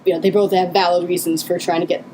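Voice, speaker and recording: A woman's voice: on the low side, level tone, fast talker, background noise. A woman co-hosting a casual commentary podcast, talking eagerly with many fillers and restarts. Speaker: co-host.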